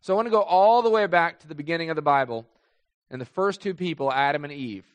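A man's voice: on the high side, quick pace, clear, resonant tone. A young adult man preaching a sermon as a pastor, telling a story in a conversational way with vivid dramatic bursts. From United States. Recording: long hall reverb.

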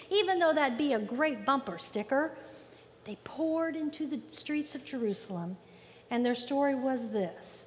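A woman pastor preaching a sermon in an emphatic style, repeating phrases and pausing for effect. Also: high-pitched, expressive. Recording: long reverb with faint ambient noise.

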